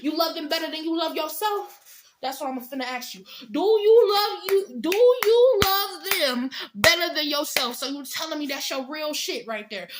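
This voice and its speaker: A woman's voice: high-pitched, sharp tone. A young woman in a heated motivational rant, blunt and profane, hammering home each point by repeating it with growing force. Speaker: vlogger giving life advice.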